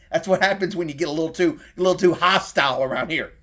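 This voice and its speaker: A man's voice: on the high side, quick pace, fairly bright tone. A middle-aged man with a Southern accent delivering a heated, profane sports rant as a fan content creator.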